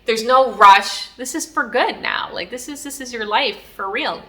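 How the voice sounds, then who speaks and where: A gentle, reassuring female guide speaks softly and kindly, as a woman retells her words. The voice is bright and calm. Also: on the high side, normal speed. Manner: soft and reassuring.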